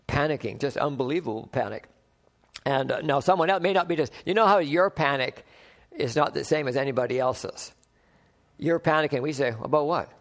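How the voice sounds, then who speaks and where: Male pastor, higher pitched voice, relaxed chatty sermon delivery with acted-out exchanges. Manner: conversational, acts out dialogue, chuckles often.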